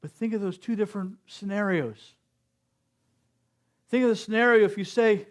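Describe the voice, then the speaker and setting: A middle-aged man giving a slow, earnest sermon at a spiritual service, sometimes acting out quotes. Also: sits high, fairly even intonation. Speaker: speaker at a spiritual center service.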